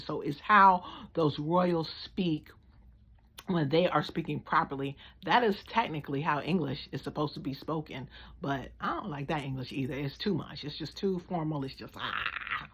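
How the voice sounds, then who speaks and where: An American woman giving blunt, slangy, animated opinion commentary in a casual vlog. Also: sits low, husky. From United States. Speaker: vlogger.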